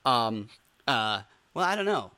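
A man's voice: medium pitch, very animated, slow pace, pushed and bright. A man co-hosting a podcast, jet-lagged and rambling with jokes and lots of fillers. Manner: joking, rambling, many fillers. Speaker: podcast co-host. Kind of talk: casual podcast chat.

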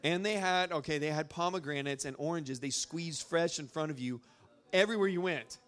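A young man from Arkansas, USA, speaks informally to a live audience at a church gathering, rambling through a story full of fillers. His voice is a little high and a bit bright, and he talks briskly.

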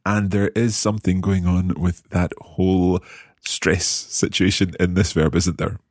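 A man's voice: deep voice, little pitch movement, measured pace, no echo, studio quality. A man hosting a language lesson podcast, patiently coaching a learner through verb drills. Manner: patient, encouraging, drills pronunciation. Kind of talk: teaching.

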